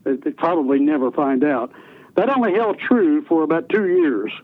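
A man's voice: on the high side, expressive, moderate pace. Older man on a tinny phone line. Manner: folksy, rambling, many restarts. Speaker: retired radio DJ guest. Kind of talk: storytelling interview.

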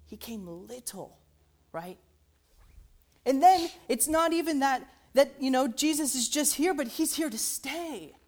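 A woman's voice: high-pitched, lively intonation, unhurried, a little mellow. A woman teaching how a hymn's melody works, talking conversationally, often checking in with "right?" and musing "interesting.". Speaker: music teacher.

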